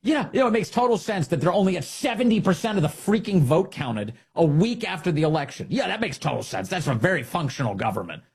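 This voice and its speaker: A man's voice: sits high, very animated, fast, hardly any pauses, slightly rough. A man hosting a political commentary show, talking in a sarcastic, mocking and indignant way.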